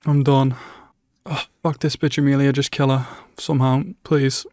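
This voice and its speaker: A man of ordinary pitch reacts live to an episode on a close, dry microphone. He mutters his thoughts, then bursts into loud swearing and exclamations when the story turns tense. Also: level tone, normal speed, dry recording. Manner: emotional, swears often, exclaims loudly at tense moments. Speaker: anime reaction channel host.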